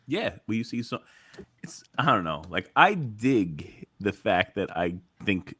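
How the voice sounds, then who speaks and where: A laid-back man co-hosting a podcast, his husky voice swooping widely up and down. He laughs often and lets his sentences trail off. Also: fairly low pitch, sing-song, measured pace, fairly bright tone. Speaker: podcast co-host. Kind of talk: casual chat.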